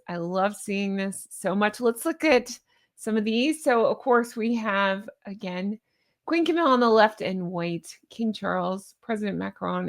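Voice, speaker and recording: A woman with a Southern American accent, chatting in a gushing, giddy way as she comments on royal news. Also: medium pitch. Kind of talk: casual chat.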